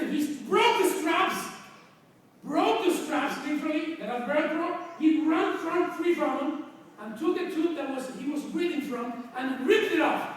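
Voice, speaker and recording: A man with a Spanish accent tells his story to a live audience, bursting out loud now and then. His voice sits high, and it comes from far off in a big echoing hall with long reverb. A faint hiss runs underneath. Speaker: chiropractor speaking to an audience. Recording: echoey hall recorded from far off.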